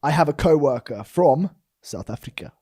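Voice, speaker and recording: A man's voice: on the high side, normal speed, slightly rough, no echo, clean studio sound. A man co-hosting a chat show, telling office stories and laughing often. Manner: laughs often, animated when telling a story. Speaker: podcast co-host. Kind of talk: casual chat, storytelling.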